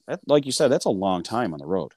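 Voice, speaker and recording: A man co-hosting a casual hockey chat, excitable and full of fillers, acting out his own reactions. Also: on the low side, fast talker, husky, dry recording. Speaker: sports podcast co-host.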